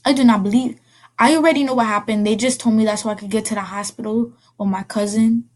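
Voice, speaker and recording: Woman, vlogger, casual storytelling, rambling, self-correcting, slightly high voice. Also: steady tone, fast talker, darkish tone.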